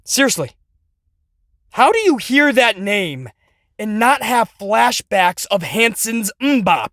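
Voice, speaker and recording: A man rants through his wrestling commentary with sarcasm and a steady stream of profanity. His voice is bright and sharp, recorded dry and close. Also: high-pitched, takes it slowly, no room sound. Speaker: podcast host.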